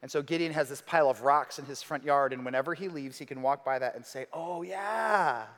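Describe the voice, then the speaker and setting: A man preaching a sermon as pastor, dramatic, moving between hushed lines and emphatic ones. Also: fairly high pitch, a little fast. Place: church hall. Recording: reverberant hall.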